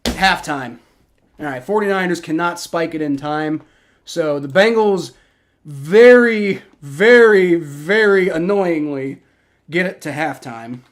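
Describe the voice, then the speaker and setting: Watching a football game on his live stream, a young male host rambles through excitable reactions and play-by-play, swearing freely. His voice is fairly high and a little slow.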